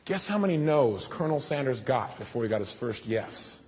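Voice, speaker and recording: A man's voice: medium pitch, fairly quick, hardly any pauses, big-room sound. A man leading a motivational seminar, asking the audience questions and calling for a show of hands. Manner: asks the audience questions, animated. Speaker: motivational speaker. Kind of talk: seminar talk to a live audience.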